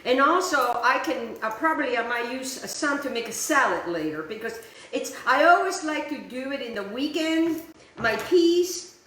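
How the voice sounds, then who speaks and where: A woman's voice: sits high, animated, moderate pace, fairly bright tone, heavy reverb, slight background noise, poor audio. A woman hosting a cooking show, chatting casually to her viewers as she demonstrates a recipe in her kitchen. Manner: chatty, addresses viewers as guys, repeats "just like that".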